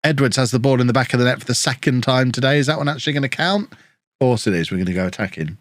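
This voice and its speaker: A man live-streaming a football management game, chatting with viewers and reacting excitedly to the match. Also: mid-range voice, very fast, no room sound, studio quality. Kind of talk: casual live-stream commentary.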